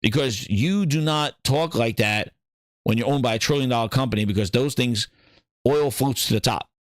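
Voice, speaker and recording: A man's voice: medium pitch, normal speed, dry recording. Man, casual gaming commentary, ranting, repeats himself, dry recording. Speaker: podcast host.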